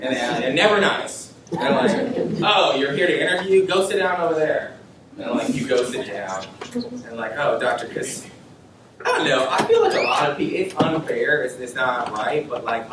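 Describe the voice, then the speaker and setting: A young man, a medical student, giving an animated, informal workshop talk to students and acting out bits of dialogue. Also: mid-range voice. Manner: animated, laughing, acts out dialogue. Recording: echoey room, mic far off, faint noise.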